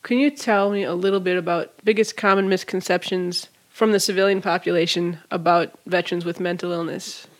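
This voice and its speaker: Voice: medium pitch, fairly even intonation, brisk, hardly any pauses. A chatty podcast interviewer asking open questions in a casual conversation.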